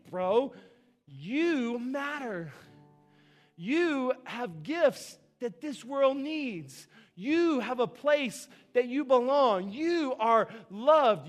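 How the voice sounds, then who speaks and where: A man pastor preaching a sermon to his church, telling a personal story in an emphatic, conversational way. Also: very high voice.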